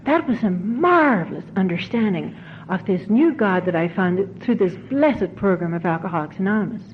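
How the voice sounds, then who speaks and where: A woman's voice: medium pitch, animated, moderate pace. Earnest woman on dull old tape. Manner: earnest, repeats phrases for emphasis. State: emotional. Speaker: recovery convention speaker. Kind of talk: heartfelt recovery talk to an audience. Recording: dull 1990s tape, faint hiss.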